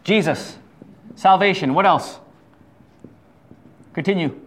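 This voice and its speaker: A middle-aged man with a high, slightly bright voice leads an informal Bible study at a slow pace. He's chatty, asks rhetorical questions peppered with "right?", and keeps stammering, restarting, and chuckling.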